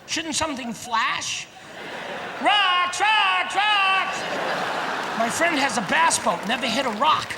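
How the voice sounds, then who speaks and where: A man performing a stand-up comedy routine on stage, animated and often shouting his punchlines. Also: extremely high pitch, moderate pace, hardly any pauses, in a large hall, a loud crowd, very noisy. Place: large theater stage. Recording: live theater with audience laughter.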